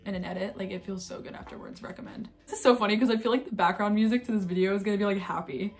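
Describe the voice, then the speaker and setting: A woman's voice: mid-range voice, steady tone, rapid-fire. A young woman talking casually and thoughtfully in a reaction vlog, with many fillers. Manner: soft-spoken, musing, filler-heavy. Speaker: vlogger reacting to videos.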